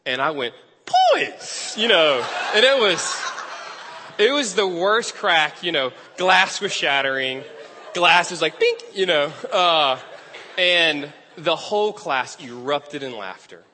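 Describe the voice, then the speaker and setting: Bright-voiced man preaching in a hall. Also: fairly high pitch, animated, takes it slowly. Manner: self-deprecating, chatty, laughing at himself. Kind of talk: storytelling sermon. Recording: long hall reverb.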